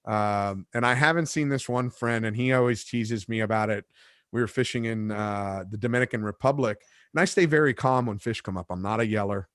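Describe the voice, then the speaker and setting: A man hosting a relaxed talk show, telling fishing stories in an easy, conversational way. He gets animated when he acts out the moments he recounts. The recording is close and dry, with no room echo. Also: fairly low pitch, brisk. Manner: animated storyteller, acts out shouts and quotes. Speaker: podcast host and fishing captain. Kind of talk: casual chat, storytelling.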